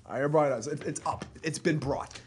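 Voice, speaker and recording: A man's voice: a little high, moderate pace, slightly rough. A man co-hosting a casual chat show, opinionated and explaining his points. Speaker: co-host.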